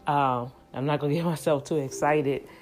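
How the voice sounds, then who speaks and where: A woman's voice: low voice, steady tone, normal speed. A woman hosting her own podcast, sounding out of breath and speaking in a fervent, preacherly way that repeats phrases. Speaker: podcast host. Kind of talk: casual podcast talk with prayer.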